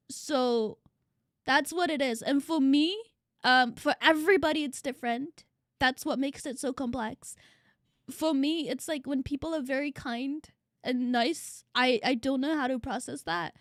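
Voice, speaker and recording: A woman's voice: high voice, dry recording, studio quality. A young woman streaming live, chatting casually with her viewers, effusive and grateful, swearing freely. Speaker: VTuber streamer.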